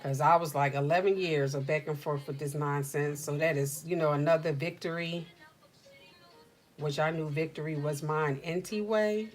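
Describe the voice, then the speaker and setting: A middle-aged woman hosting a casual livestream chat from home, telling stories in an animated, slangy way. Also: sits low, moderate pace, faint music behind. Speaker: livestream host.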